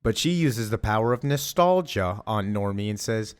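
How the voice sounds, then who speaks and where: A man's voice: lowish voice, lively intonation, moderate pace, few pauses, clean tone. A man recapping a comic book story in a casual, chatty, enthusiastic way, with rambling asides.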